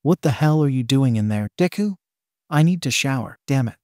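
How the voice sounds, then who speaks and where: A man's voice: mid-range voice, expressive, normal speed, a little mellow, dry recording, studio quality, natural voice. A man voicing a foul-mouthed hot-tempered teen boy. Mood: irritated. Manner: gruff, cursing, exasperated.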